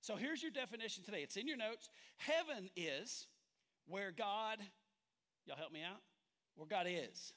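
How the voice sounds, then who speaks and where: A man with a high, light voice delivers a sermon in a church sanctuary. He speaks conversationally, quizzing the congregation and cracking jokes as he teaches. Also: sing-song, brisk, sharp tone. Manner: conversational, engages the congregation with questions and humor. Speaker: pastor.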